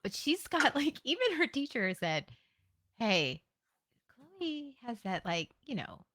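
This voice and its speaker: A woman's voice: on the high side, sing-song, takes it slowly, fairly bright tone. A woman in her thirties chatting casually and giggling as a podcast co-host. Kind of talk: casual chat.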